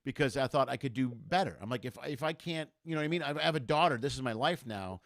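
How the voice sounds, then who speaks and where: Middle-aged male comic guest, rapid animated storyteller, dry close mic. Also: mid-range voice, no echo. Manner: animated storyteller, acts out quoted voices. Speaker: comedian guest. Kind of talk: casual storytelling chat.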